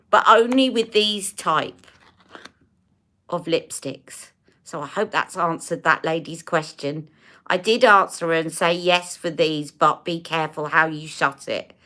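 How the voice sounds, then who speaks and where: A woman's voice: on the low side, a bit bright. A woman hosting a casual beauty livestream, chatting to viewers and demonstrating products as she talks. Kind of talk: casual live-stream chat.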